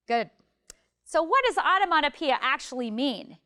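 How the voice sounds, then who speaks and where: A woman's voice: high-pitched, expressive, normal speed, bright, forceful tone, smooth. A woman teaching a children's music and movement lesson, upbeat and demonstrating motions as she talks.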